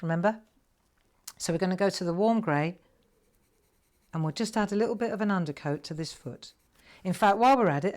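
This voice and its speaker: A middle-aged woman with a low voice that swings widely up and down as she talks. She rambles happily through a story while she crafts live from home and often breaks into laughter. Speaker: craft show host. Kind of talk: live crafting demonstration with chat.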